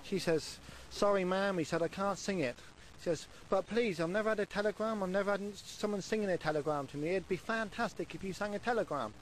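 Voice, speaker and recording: A man's voice: high-pitched, fast talker, a little hiss or hum, poor audio. A man with a Scottish accent telling jokes on a radio phone-in, cheerfully laughing at his own punchlines. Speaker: joke-telling caller.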